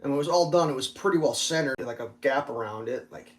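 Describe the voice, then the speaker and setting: A man's voice: mid-range voice, fast. Swearing, fed-up man ranting. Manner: frustrated, swears a lot, many "like" fillers. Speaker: vlogger working on his off-road vehicle. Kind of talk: casual ranting vlog.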